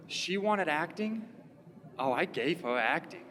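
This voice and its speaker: A man doing stand-up comedy on a theater stage, animated and laughing at his own jokes. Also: on the high side, normal speed. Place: historic theater stage with live audience. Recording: theater hall reverb.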